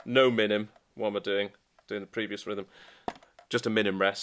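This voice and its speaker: A man teaching a guitar piece in a relaxed, chatty way, with fillers as he explains and counts beats. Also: on the low side, normal speed, a little hiss or hum. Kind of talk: casual instructional talk.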